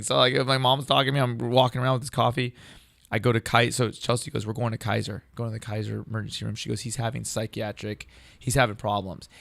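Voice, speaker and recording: A man in his thirties, a comedian, telling a story in casual talk, profane and animated, acting out what others said. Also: fairly low pitch, creaky, dry recording. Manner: animated, profane, acts out quoted dialogue. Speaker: comedian guest.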